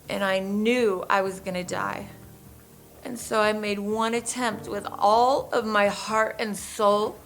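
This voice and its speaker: A woman recounting her own ordeal in measured, halting first-person testimony, with pauses and restarts. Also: medium pitch, fairly bright tone, rough recording.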